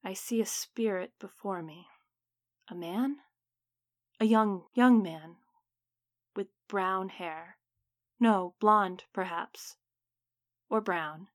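A woman's voice: medium pitch, normal speed, natural voice. A woman voicing a pompous male spirit medium who solemnly intones to the spirits at a séance. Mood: entranced. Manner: grandly intoning, calling on spirits.

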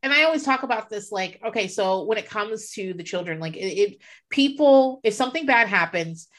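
A woman's voice: medium pitch, fairly quick. A middle-aged woman in casual chat, telling stories with lots of swearing. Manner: animated storyteller, swears freely. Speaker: podcast co-host.

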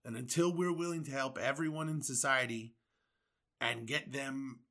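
A man's voice: medium pitch, moderate pace, pushed and bright. A man from the United States, a podcast host, delivering an angry, profane political rant with sarcastic asides.

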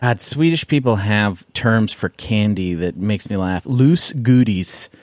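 A man's voice: on the low side, expressive, unhurried, dry recording. Rambling Canadian-raised man, dry sound. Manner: rambling, lots of fillers, laughs easily. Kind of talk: casual comedic chat.

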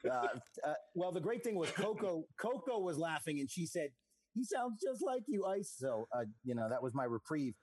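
A man's voice: fairly high pitch, expressive, fairly quick, hardly any pauses, darkish tone, slightly rough. A middle-aged man, a comedian telling rambling, self-mocking jokes over a video call.

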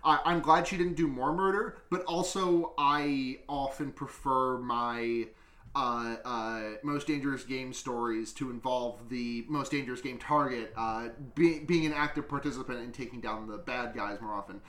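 A man's voice: mid-range voice, moderate pace, reverberant. A male podcast host recapping a movie in a casual, profane, giggly way. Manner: profane, giggly, animated retelling.

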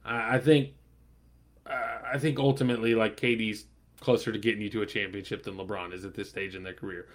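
A man's voice: on the low side, level tone, brisk. A man in casual sports chat, giving blunt opinions with frequent swearing and laughter.

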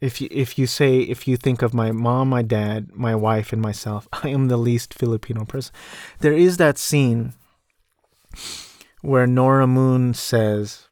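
Podcast host, male, young adult, rambling film recap, self-deprecating, mid-pitched, dry close mic. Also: fairly even intonation, a little slow, darkish tone, dry recording. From United States. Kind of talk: casual film recap monologue.

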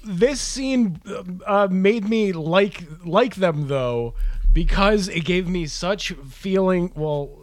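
Casting: slow, halting man chatting as podcast co-host, dry close sound. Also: high-pitched, expressive, dry recording. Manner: unhurried, hesitant, full of fillers. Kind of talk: casual chat.

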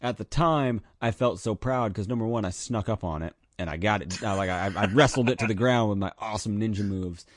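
A man telling a childhood story in casual chat, animated, with loud high bursts when he acts out his younger self. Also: fairly quick, few pauses, dry recording.

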